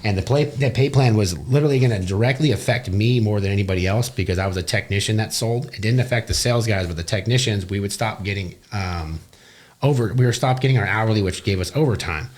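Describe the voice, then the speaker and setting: A man's voice: on the low side, fast talker. A young man, a business owner, telling his career story bluntly and profanely in a casual interview. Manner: blunt and profane, animated retelling.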